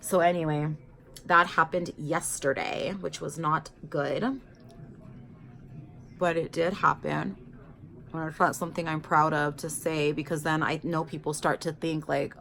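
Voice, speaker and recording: A woman's voice: low voice, measured pace, gravelly. A woman vlogger chatting casually while doing makeup, telling a story animatedly and saying "like" and "you guys" a lot. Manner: animated storyteller, acts out quoted people; filler-heavy, says "like" and "you guys".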